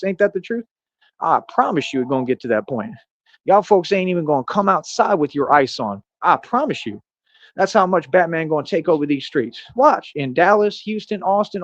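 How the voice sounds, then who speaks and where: A man's voice: sits high, no echo. Boastful man ranting on stream. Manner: boastful, confrontational street slang. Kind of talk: casual ranting monologue. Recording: dull lo-fi stream audio.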